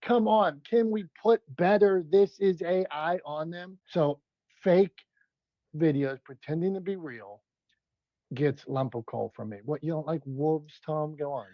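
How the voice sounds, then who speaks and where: A man with a high voice co-hosts a podcast, steering the chat upbeat and quick with little asides. His sound is dry and close with a dull, lo-fi edge. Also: no echo. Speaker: podcast co-host. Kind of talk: casual comedic chat.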